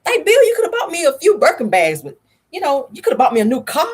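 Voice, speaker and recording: A woman's voice: sits high, wildly swooping pitch, fast talker, pitched above the performer's own voice. A woman voicing an indignant wife who fusses sassily about all the luxuries she could have had. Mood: exasperated. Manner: sassy, exasperated.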